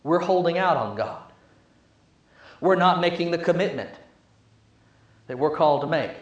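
A man preaching a sermon, emphatic and building through repetition, then dropping to a hush. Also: on the high side, lively intonation, moderate pace, dull audio. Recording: echoey room.

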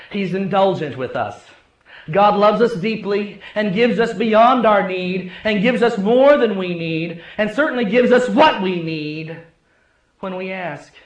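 A man preaching a sermon as pastor, telling stories and swinging between loud and hushed delivery. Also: high voice, dull audio. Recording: echoey room.

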